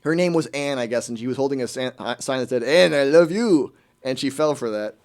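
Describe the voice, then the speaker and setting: A man's voice: medium pitch, fast, darkish tone. A man hosting a radio show, ranting in casual comedic chat with a mocking, incredulous manner.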